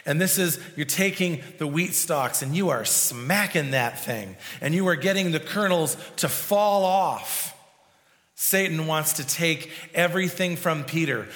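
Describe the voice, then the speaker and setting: A man's voice: a little high, big-room sound. A male pastor preaching a sermon, with frequent restarts and fillers. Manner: prays softly, then preaches with restarts and fillers.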